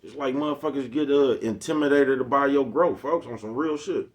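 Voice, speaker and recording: 40s guy on his channel rambling a streetwise pep talk, keeps repeating himself, medium pitch. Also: moderate pace. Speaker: YouTube host. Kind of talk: casual motivational monologue.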